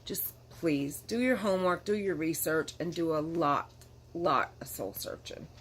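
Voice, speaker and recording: A middle-aged woman with a notably low voice talks candidly to her camera, tired and yawning, rambling and apologizing as she goes. Her casual vlog chat is recorded with a faint hiss underneath. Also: a little slow. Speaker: vlogger.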